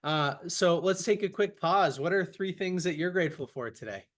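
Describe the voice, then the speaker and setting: This is an upbeat young man hosting a podcast, his voice a touch higher than most men's. He talks with enthusiasm over a video call and tells his stories with energy. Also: moderate pace, fairly bright tone. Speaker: podcast host. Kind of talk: casual podcast interview.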